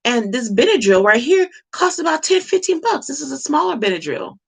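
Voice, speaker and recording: A woman's voice: high-pitched, big pitch swings, brisk, vocal fry. A woman talking to camera in an impassioned monologue, emphatic and repetitive, firing off rhetorical questions. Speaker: vlogger.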